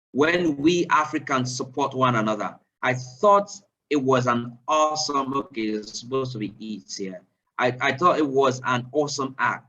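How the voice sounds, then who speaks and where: A man leading a live online sales training, quizzing his listeners with repeated questions and rising with excitement. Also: distant mic, dull audio. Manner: animated, rising pitch when excited.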